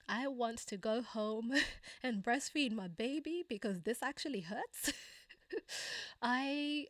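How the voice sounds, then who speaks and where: A young woman telling a personal story on a casual livestream, with plenty of fillers and asides. She slips into a higher voice to act out quoted lines and laughs often. Her voice sits in an ordinary middle pitch, recorded close and dry. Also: dry recording. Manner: acts out quoted dialogue in a higher voice. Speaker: channel host.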